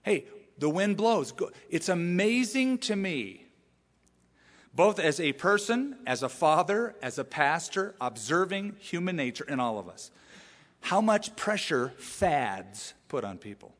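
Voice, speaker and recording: A man's voice: on the high side, very animated, unhurried. Conversational male pastor preaching. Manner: conversational, rhetorical questions. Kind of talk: sermon. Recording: echoey hall reverb.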